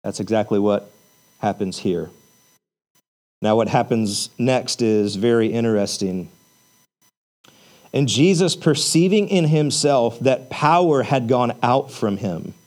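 A man's voice: mid-range voice, animated, slow pace, pauses often, a little mellow. A man preaching a sermon in a conversational way, asking rhetorical questions and using casual fillers. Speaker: pastor.

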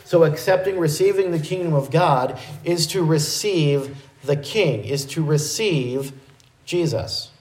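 A man's voice: a little high, expressive, measured pace, darkish tone. A man preaching a sermon, explaining a passage in a teaching way and often correcting himself mid-sentence. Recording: echoey room.

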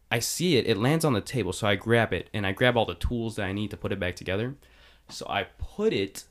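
A young man telling a long, rambling story in casual chat, filling his talk with "like". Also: medium pitch. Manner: animated, rambling, lots of "like".

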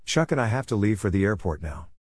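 A man voicing a hurried, impatient young mother rushing to catch a flight. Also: on the low side, big pitch swings, no room sound, clean studio sound. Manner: impatient and clipped.

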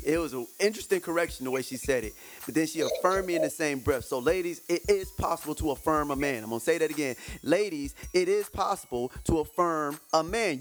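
A man hosting a casual faith podcast, talking in an animated, rambling way with many restarts and frequent laughs. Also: a little high. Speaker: podcast host.

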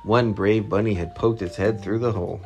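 A man reading a storybook aloud to his child, lively and expressive, with a gravelly voice. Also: fairly low pitch, normal speed, soft background music. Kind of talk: bedtime story read-aloud.

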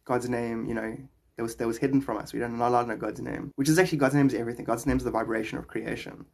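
A man's voice: medium pitch, fairly even intonation, racing, creaky, darkish tone. A man hosting a live stream, answering viewer questions in a rambling, playful spiritual chat and laughing often.

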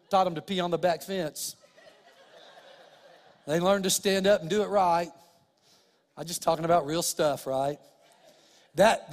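A middle-aged man preaching a sermon, telling humorous stories and often dropping to soft, quiet tones. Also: high-pitched. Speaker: pastor. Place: church sanctuary. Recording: long church hall reverb.

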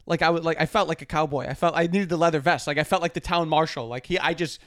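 A man's voice: a little high, fast, a bit bright. A man co-hosting a podcast, telling a story with casual humor, acting out the quotes and defending himself insistently. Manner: acts out quotes in different voices. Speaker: podcast co-host.

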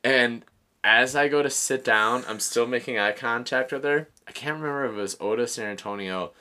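A man's voice: mid-range voice, a little fast, pushed and bright. A man in his thirties casually telling a long story, laughing often and swearing freely.

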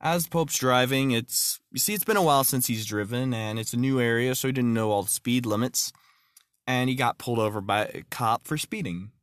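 A man's voice: mid-range voice, a little fast, fairly bright tone, no room sound. A man hosting his own podcast, talking earnestly and plainly and telling jokes. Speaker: podcast host. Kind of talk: casual podcast monologue.

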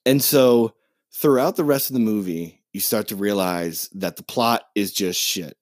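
A man's voice: lowish voice, a little slow, no echo, clean studio sound. Profane man ranting about a movie. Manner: profane, animated movie rant. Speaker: podcast co-host. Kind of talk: casual chat.

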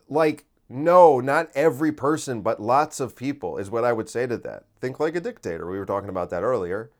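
A man's voice: mid-range voice, animated, a little fast, few pauses. A man hosting a podcast, talking casually and incredulously, full of restarts and rhetorical questions. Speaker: podcast host.

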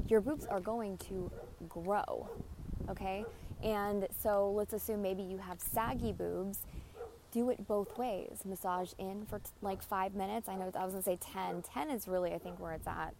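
A woman's voice: medium pitch, creaky, background noise. A woman hosting a podcast, giving blunt, emphatic advice in a casual monologue and often repeating herself. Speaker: podcast host.

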